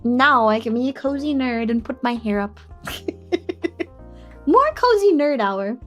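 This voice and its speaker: A young woman streaming casually, playful and excitable, squealing in mock outrage and laughing often. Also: sits high, takes it slowly, faint music behind. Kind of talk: casual live-stream chat.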